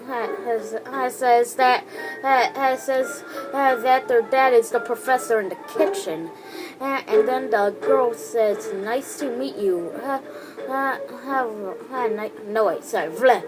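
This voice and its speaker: A woman's voice: high voice, rough recording. A woman hosting a casual countdown video, talking hesitantly with many fillers and restarts. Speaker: video host. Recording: music playing behind the voice.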